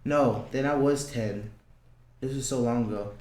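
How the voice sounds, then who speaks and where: A man's voice: medium pitch, measured pace, a little mellow. A young man telling a personal story as a podcast guest, blunt and swearing, acting out the lines he quotes. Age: young adult. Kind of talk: casual storytelling. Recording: roomy echo.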